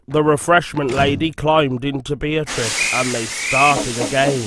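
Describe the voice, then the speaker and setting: A man narrating a storybook in a slow, measured reading. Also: medium pitch, steady tone, a loud crowd. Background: background music.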